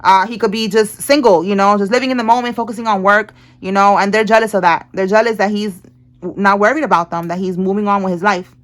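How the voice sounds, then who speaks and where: A woman's voice: mid-range voice, fairly even intonation, fast. A woman giving a casual tarot reading, chatty and blunt, laughing often and using street slang. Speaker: tarot reader.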